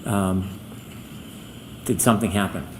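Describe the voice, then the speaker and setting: A man, a trial attorney, questioning a witness in court in a measured, methodical way. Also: sits low, steady tone, a little hiss or hum, poor audio.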